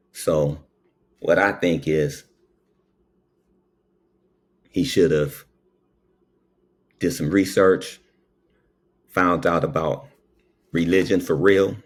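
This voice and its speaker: A man's voice: deep voice, slightly rough. A man who works as a paramedic, telling a story in a casual, preachy monologue and tagging his lines with "okay?".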